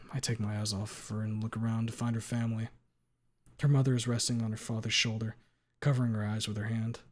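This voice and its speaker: A man reading a story aloud on a live stream, steady in delivery, with playful asides when he slips. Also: on the low side.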